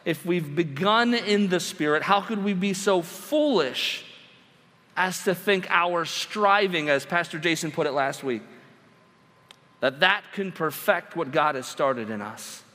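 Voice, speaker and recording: A man's voice: high voice, unhurried, pushed and bright. A man preaching a sermon as pastor, emphatic, putting rhetorical questions to the congregation from the pulpit. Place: church sanctuary. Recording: long reverb of a church hall.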